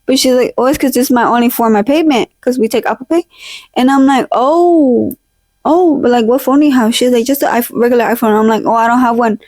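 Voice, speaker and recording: A woman's voice: fairly high pitch, a little fast, darkish tone, no echo. A young woman hosting a casual vlog, telling a story in a chatty, slangy way and dropping in Spanish phrases, recorded on a poor home mic she sometimes drifts away from. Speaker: podcast vlog host. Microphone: handheld or desk mic, drifts off it.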